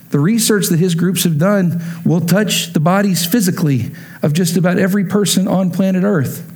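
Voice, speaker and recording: A man with a fairly high voice preaches in a church. He is animated and playful, acts out the scenes he describes and drops in humorous asides. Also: vocal fry. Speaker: pastor. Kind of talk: sermon.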